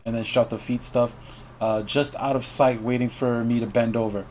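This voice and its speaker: A man's voice: medium pitch, steady tone, moderate pace, darkish tone, slight background noise. A man hosting a game news stream, telling a story to call guests in a casual way, often laughing and reading out chat messages.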